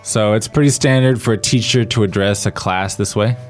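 A man's voice: on the low side, moderate pace, faint music behind. A man hosting a language lesson podcast, explaining in a friendly way. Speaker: podcast host.

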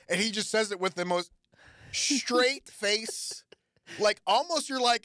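A man co-hosting a podcast, talking sports in a casual, animated way and mocking himself as he acts out what people said. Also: high-pitched, unhurried, no echo, clean studio sound. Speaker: podcast co-host.

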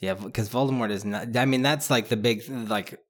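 A man chatting casually about a book, rambling with many restarts and fillers, and growing animated as he goes. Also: mid-range voice, a little fast. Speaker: podcast co-host discussing a book. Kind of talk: casual chat.

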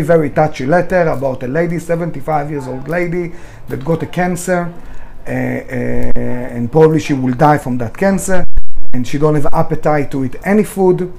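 A middle-aged restaurant founder in an interview, telling candid stories in a blunt, emotional way and swearing freely. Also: male voice, on the high side, darkish tone, a little hiss or hum.

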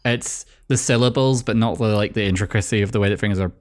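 A Scottish man with a lowish voice co-hosts a podcast in loose, casual chat. He recaps a cartoon episode with jokes, easy swearing and frequent laughter. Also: fast. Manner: loose and joking, swears freely, laughs often. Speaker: podcast co-host.

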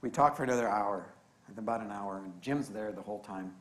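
A man preaching a sermon, telling a story in an animated, conversational way. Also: fairly low pitch, brisk, slight background noise. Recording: roomy echo.

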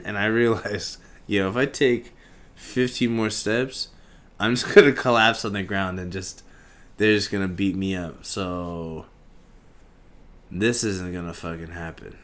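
A young man hosting a podcast, telling a story in a casual, profane, animated way and acting out the scenes. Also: fairly low pitch, unhurried. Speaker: podcast host.

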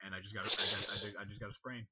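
A man's voice: on the low side, little pitch movement, very fast, a crowd in the background. A man hosting a casual podcast who tells rambling stories, repeats himself and swears freely among friends.

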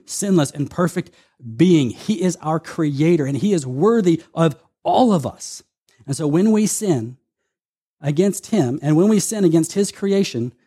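A man preaching a sermon as a pastor, earnest and steady, reading scripture aloud and slowing down to stress key points. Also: on the high side, husky. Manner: earnest, quotes scripture, shifts pace for emphasis.

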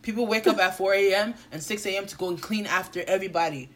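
A woman's voice: mid-range voice, fast talker. A young woman co-hosting a casual chat, ranting sarcastically in heavy slang.

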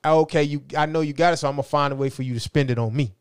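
A man's voice: a little high, fairly even intonation, very fast, clean tone, no room sound, clean studio sound. A middle-aged man telling stories from his life in a rambling, casual way, often asking "you know what I'm saying". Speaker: interview guest. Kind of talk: casual storytelling.

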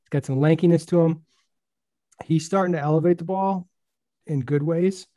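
A man hosting a casual baseball podcast, chatting in a relaxed way with lots of fillers. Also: a little high, moderate pace, dry recording. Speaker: podcast host.

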